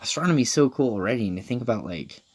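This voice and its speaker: A man giving casual, excitable gameplay commentary, chatty and loose. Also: medium pitch, fast talker. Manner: chatty, excitable, lots of "dude" and "like". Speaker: gaming video host. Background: game music.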